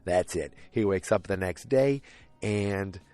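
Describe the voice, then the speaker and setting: A podcast host with a low, mellow voice recaps an episode at a slow pace, rambling off into casual asides. He's full of fillers and restarts and acts out the characters' lines in quoted voices as he retells scenes. The recording has no echo.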